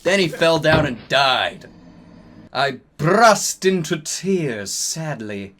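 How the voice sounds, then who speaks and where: A man narrating a comedic story reading with a mock-dramatic, drawn-out delivery. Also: a little high, expressive, a bit bright.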